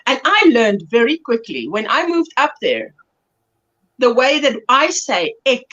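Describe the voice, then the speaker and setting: Chatty South African woman, lively high voice. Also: unhurried, muffled recording. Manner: chatty, laughing, reads viewer comments aloud. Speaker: livestream host. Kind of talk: casual chat while crafting.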